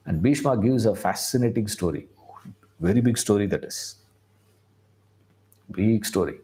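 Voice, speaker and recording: A man's voice: lowish voice, animated, unhurried, long pauses, dark tone. A man, a spiritual teacher telling a story conversationally, often checking in with listeners. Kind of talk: storytelling talk.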